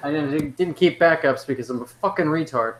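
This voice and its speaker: A man's voice: on the high side, brisk, a bit bright. Hesitant man in an echoey room. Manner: hesitant, stammers. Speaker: content creator. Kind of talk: casual group chat. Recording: echoey, noisy call audio.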